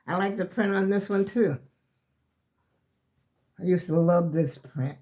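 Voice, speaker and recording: Speaking in a warm, lowish voice at an unhurried pace, an older woman shows her skirts on her vlog. She's chatty and rambling, addresses viewers as y'all, and is slightly out of breath.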